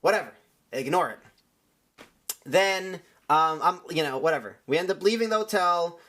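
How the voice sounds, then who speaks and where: A man's voice: on the high side, lively intonation, normal speed, bright, forceful tone. A young man streamer telling a rambling story in casual chat, full of "like" and restarts.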